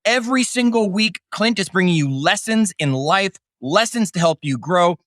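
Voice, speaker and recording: This middle-aged Canadian podcast host has a high-pitched, expressive, fairly bright voice at a normal pace. He kicks off the upbeat show with an energetic, jokey intro, then interviews his guest, all in studio quality with no room sound.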